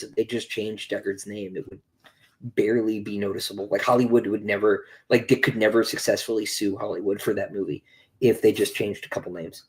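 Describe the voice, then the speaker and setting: A young male author with a mid-range, darkish voice chats casually on a livestream. He reads viewer questions aloud and answers in a rambling way, full of ums and restarts.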